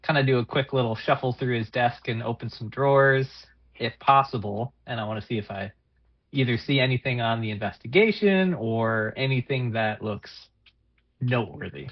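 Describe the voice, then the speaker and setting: A man's voice: medium pitch, normal speed. A man playing in a tabletop game, casually and hesitantly describing what his character does. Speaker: player. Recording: dull lo-fi recording.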